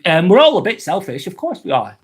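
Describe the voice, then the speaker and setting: A man's voice: high voice, wildly swooping pitch, fairly quick, slightly rough. A man hosting a live vlog, talking casually and frankly, swearing often and rambling through restarts as he reads out and answers chat comments.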